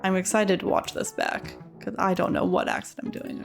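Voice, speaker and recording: A woman's voice: medium pitch, flat delivery, moderate pace, gravelly, few pauses, faint music behind. A woman hosting a let's play, making wry, amused asides in casual game commentary.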